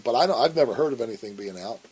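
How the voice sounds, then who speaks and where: A man with an expressive, husky, darkish mid-range voice races through a story in a rough recording. As an interview guest he's blunt and profane, swearing often and acting out the arguments he describes.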